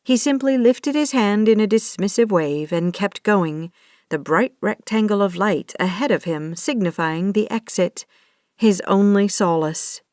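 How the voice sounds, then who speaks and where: A woman narrating an audiobook romance in a measured, even manner. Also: medium pitch, no room sound, studio quality. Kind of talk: scripted narration.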